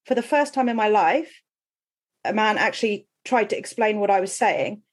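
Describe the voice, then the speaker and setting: Middle-aged female guest, candid storyteller, expressive. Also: mid-range voice, normal speed. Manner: candid, animated, laughs while telling stories. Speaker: guest, mindset and well-being coach. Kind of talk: conversational storytelling.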